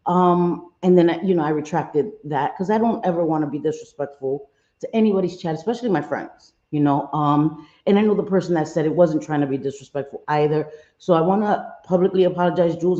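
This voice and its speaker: A woman's voice: low voice, brisk, mellow, highs cut off. A woman hosting a casual livestream, apologetic and chatty, greeting her viewers one by one. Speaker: livestream host.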